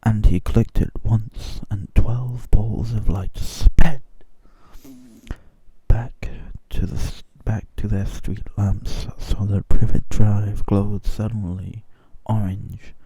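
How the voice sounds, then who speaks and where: Low, slow, dry-voiced man, soft and half-whispered for an ASMR story reading. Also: steady tone, husky, no echo. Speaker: reader.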